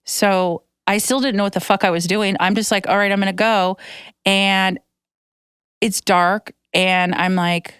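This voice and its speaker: A woman hosting a podcast, telling a story in casual chat, animated and swearing freely, laughing as she talks. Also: medium pitch, a little slow, clean tone, dry recording, studio quality. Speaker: podcast host.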